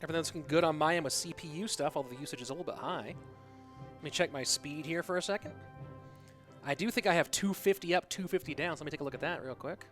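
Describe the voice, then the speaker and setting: A man's voice: a little high, quick pace, a bit bright, soft background music. A man hosting a live stream, chatting casually with viewers while checking his connection. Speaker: stream host and commentator.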